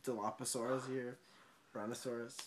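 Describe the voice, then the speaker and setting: A man's voice: mid-range voice, level tone, moderate pace, noisy background. A drunk young man retelling a film in a rambling, swearing way, often laughing and tripping over his words.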